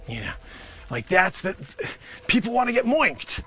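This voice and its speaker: Animated, sarcastic man riffing a pitch. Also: normal speed. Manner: sarcastic, rambling, talks to an imagined panel. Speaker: comedian performing a pitch. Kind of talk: improvised comedy monologue.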